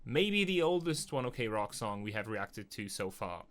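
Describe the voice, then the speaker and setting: A man's voice: fairly low pitch, sing-song, measured pace, fairly bright tone. A man hosting a music reaction channel, chatting in an upbeat, explaining way from a small metal container studio on a studio microphone. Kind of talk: casual reaction commentary.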